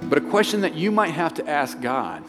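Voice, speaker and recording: A man preaching a sermon as a pastor, in a hushed and intimate way. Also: on the high side, sing-song, a little fast. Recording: long hall reverb with clear guitar music. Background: guitar playing.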